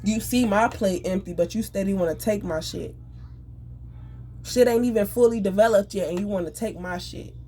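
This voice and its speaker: A woman venting in an angry, profane, rapid rant. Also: mid-range voice, dark tone, slight background noise. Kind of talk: emotional venting monologue.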